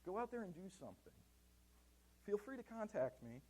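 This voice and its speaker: A man giving a casual conference talk in a hall, animated and self-deprecating, with plenty of fillers. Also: sits high, normal speed, breathy edge. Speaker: conference speaker.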